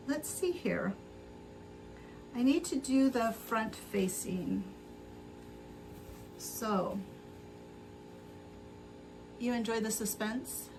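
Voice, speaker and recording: A chatty woman hosts a relaxed sewing livestream, talking slowly in a fairly high voice. She sits a little away from the mic, and a faint room hum runs under her rambling talk with viewers. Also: far from the mic. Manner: chatty, reads out and answers viewer comments; rambling, loses her thread. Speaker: livestream host. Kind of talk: casual livestream chat while sewing.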